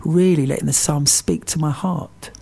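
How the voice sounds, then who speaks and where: Gravelly, husky man teaching slowly. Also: a little high, warm tone. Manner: slow and deliberate, stressing single words. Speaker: Christian meditation teacher. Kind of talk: reflective teaching talk.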